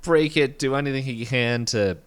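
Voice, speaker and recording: A man co-hosting a podcast, casually retelling a cartoon episode in a rambling way and acting out quick lines. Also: mid-range voice, clean tone. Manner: rambling, animated retelling with quick voiced quotes. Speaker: podcast co-host. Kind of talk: casual recap chat.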